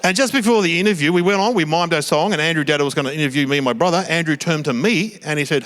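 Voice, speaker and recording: With a high, animated voice and a fairly bright tone, a middle-aged Australian comic works a small theatre stage in front of a live audience. He tells self-deprecating, conversational stories and drops in rapid voiced asides.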